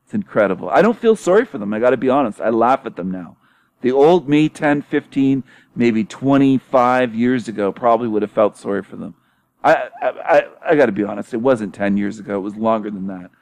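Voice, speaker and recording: A man's voice: medium pitch, lively intonation, brisk, creaky, darkish tone, no room sound. A man hosting his own video channel in a casual monologue, mocking his critics with frequent laughter, swearing and emphatic repetition. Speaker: YouTube channel host.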